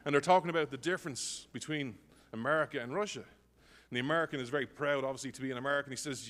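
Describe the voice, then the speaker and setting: A man's voice: medium pitch, very fast, fairly bright tone. Male emcee, chatty joke-teller, stage mic, long hall echo. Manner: jokey, apologetic, chatty. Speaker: emcee filling time before a speaker. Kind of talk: joke-telling stage banter. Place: large conference hall. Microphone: stage microphone.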